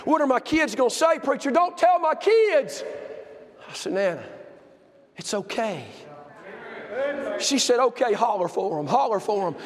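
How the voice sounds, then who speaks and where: Pastor guy, super high voice, shouts then goes quiet, big echoey church. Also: expressive, moderate pace, long pauses. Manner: impassioned storytelling, swinging from shouts to hushed tones. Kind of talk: sermon. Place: church sanctuary. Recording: long hall reverb.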